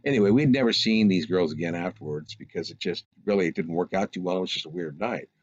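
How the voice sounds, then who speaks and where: A man's voice: low-pitched, quick pace. A man telling a personal anecdote in a casual, rambling, meandering way. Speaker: storyteller recounting a personal experience. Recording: dull lo-fi recording.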